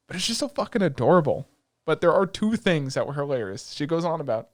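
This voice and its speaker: A young man co-hosting a podcast, recapping an anime in casual chat, animated, swearing freely and breaking into quick asides. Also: a little high. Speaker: podcast co-host.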